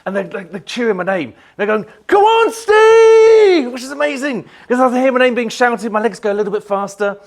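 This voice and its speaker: Animated British motivational speaker, man. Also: on the high side. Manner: animated storytelling, acting out shouts and inner thoughts. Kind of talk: motivational keynote talk. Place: event venue before a live audience.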